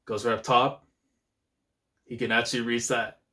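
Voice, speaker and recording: A young man in the middle of an anime reaction, talking at an ordinary pitch. His commentary is casual and excitable, he laughs often, and he keeps dropping in "man" and "bro" between thoughts. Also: normal speed.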